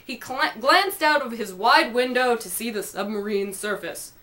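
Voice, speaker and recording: A woman's voice: fairly high pitch, moderate pace, pushed and bright. A woman reading her own comic story aloud, playful and giggling with asides.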